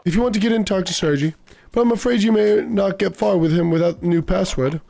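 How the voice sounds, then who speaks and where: A man's voice: sits high, quick pace, gravelly, mellow, slight background noise, voice pushed up. A man voicing a pompous, posh male bookstore clerk in a video game, talking down to people. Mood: haughty. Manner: pompous, says "old chap".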